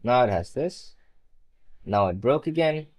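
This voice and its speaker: A young adult streamer talks slowly to themselves while working at the computer, swearing often and sliding into sarcasm. The pitch swings widely, rising and falling from one remark to the next. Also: animated, a little mellow. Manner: frustrated, profane, sarcastic muttering. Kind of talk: casual livestream commentary while working on a computer.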